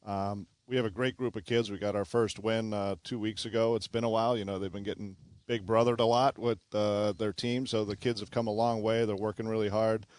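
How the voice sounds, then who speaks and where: A man's voice: fairly low pitch, level tone, brisk, a little mellow, no echo. A man, a club golf pro explaining his junior program as a radio guest, with many fillers. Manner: friendly, filler-heavy explanations.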